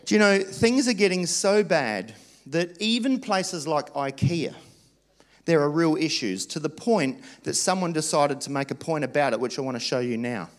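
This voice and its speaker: A man's voice: a little high, expressive, normal speed. A man preaching a sermon as pastor, earnest and emphatic, urging his listeners with short exhortations.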